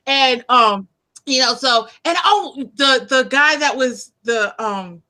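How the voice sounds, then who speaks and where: A woman interviewing a guest in a loose, chatty way, often laughing and leaving her sentences hanging. Her voice sits fairly high and has a bright, sharp edge. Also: takes it slowly. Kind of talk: casual chat about films.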